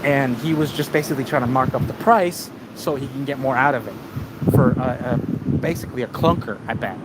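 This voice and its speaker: A man's voice: mid-range voice, a little fast, heavy background noise. A man live streaming, telling a story to his chat in a rambling way full of restarts and repeats.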